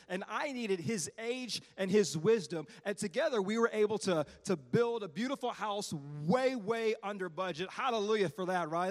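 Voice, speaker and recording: A middle-aged man preaching a sermon as a children's minister, lively and talking straight to the congregation. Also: high voice. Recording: long hall reverb.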